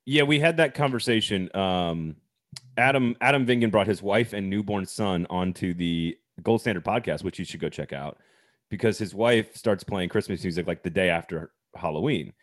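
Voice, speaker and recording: A man in his thirties from Wisconsin co-hosts a loose podcast conversation. His voice sits a bit low. He jokes, laughs easily and slips into sponsor plugs. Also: normal speed, no echo, studio quality. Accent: slight Wisconsin. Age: 30s. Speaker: podcast host. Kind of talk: casual chat.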